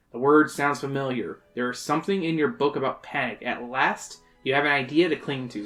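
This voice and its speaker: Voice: medium pitch, brisk, hardly any pauses, a bit bright, faint music behind. A podcast host reading a choose-your-own-adventure book aloud, dramatic and playful. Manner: dramatic reading that breaks into laughs and jokes.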